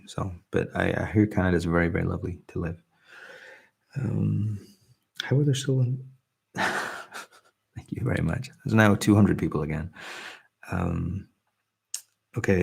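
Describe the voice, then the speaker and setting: A young man with a slight Scottish accent, hosting a relaxed livestream and chatting softly as he reads out and answers viewer comments. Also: low-pitched, gravelly, husky. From Britain. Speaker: ASMR livestream host. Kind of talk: casual soft-spoken live chat.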